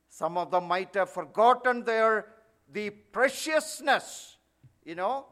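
A man's voice: high-pitched, a bit bright. A male preacher giving an emphatic sermon, often adding "you know".

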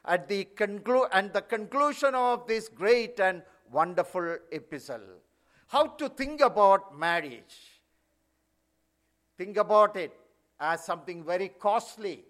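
A man's voice: high-pitched, fairly bright tone. A male preacher giving an emphatic sermon, often adding "you know".

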